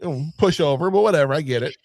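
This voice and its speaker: A man co-hosting a movie review podcast, retelling scenes with lots of swearing and quick mimicked lines in casual talk. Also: fairly high pitch, vocal fry, darkish tone, no echo. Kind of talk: casual film discussion.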